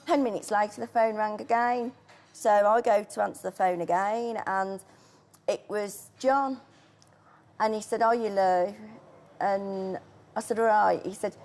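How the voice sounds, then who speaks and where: A middle-aged woman, talking through a painful memory as an interview guest. Her telling is halting and emotional, with restarts and quoted voices. Her voice sits at an ordinary pitch for a woman. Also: a little mellow. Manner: tearful, halting storytelling. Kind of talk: emotional personal account.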